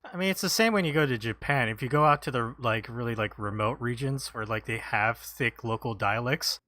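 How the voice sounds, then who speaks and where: A man's voice: mid-range voice, fairly quick, bright, forceful tone, no echo, clean studio sound. A man chatting casually on a podcast in a loose, self-deprecating way. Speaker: podcast host. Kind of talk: casual chat.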